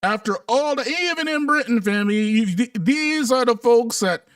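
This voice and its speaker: High-voiced man ranting on a livestream. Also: animated, moderate pace, hardly any pauses, fairly bright tone, smooth, no echo, clean studio sound, far from the mic. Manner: emphatic, preachy, calls viewers "family" and "y'all". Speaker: livestream host. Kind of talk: casual livestream commentary.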